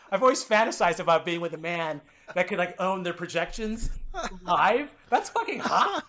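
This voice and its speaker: A man at a moderate pace recounts candid personal stories during a podcast interview where he's the guest. He alternates between loud, animated bursts and low, quiet passages, swearing freely and acting out others' lines.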